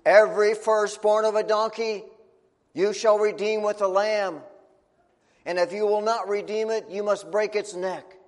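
A stern high priest who questions slowly and reads rules solemnly, as a man plays him. His voice is fairly high. Long reverb from a hall trails each phrase. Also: steady tone. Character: stern male high priest, middle-aged.

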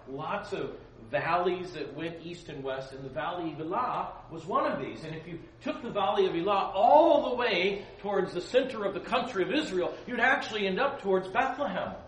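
Male preacher, storytelling sermon, animated, mic set back, roomy echo. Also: high-pitched, slight background noise. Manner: animated, acts out voices in his stories. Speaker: pastor leading a Bible study. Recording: roomy, distant mic with faint ambience.

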